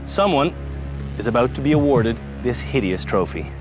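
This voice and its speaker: A man's voice: mid-range voice, animated, moderate pace. A man hosting a reality show, coaching a nervous driver firmly but reassuringly, then making a formal announcement. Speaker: show host and driving instructor. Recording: loud music behind.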